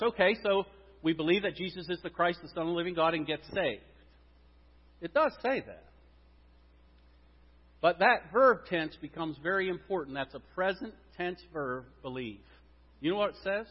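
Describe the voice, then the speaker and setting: Emphatic high-voiced male preacher in a hall. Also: expressive, moderate pace, long pauses, husky. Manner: emphatic, swinging from loud stresses to quiet drops. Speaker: pastor. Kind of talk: sermon. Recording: dull sound with long reverb in a hall.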